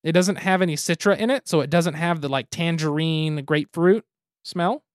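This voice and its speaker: A man's voice: a little high, normal speed, no echo, clean studio sound. A man hosting a casual podcast, easygoing and methodical as he reviews. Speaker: podcast host. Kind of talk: casual podcast chat, beer and game review.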